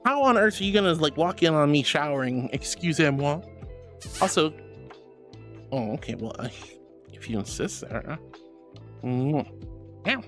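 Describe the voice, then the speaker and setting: Gushing streamer with a lively, swooping voice who calls chat "sweetie," faint music underneath. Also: a little slow, long pauses. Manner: bubbly, affectionate, calls viewers sweetie; swoops into high squeals of excitement. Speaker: VTuber streamer. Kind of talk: livestream chat reading viewer messages.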